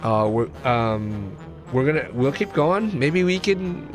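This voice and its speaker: A man's voice: medium pitch, animated, takes it slowly, faint music behind. A man streaming a video game, chatting casually and rambling with many restarts. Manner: rambling, self-correcting, jokey. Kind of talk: casual gaming chat.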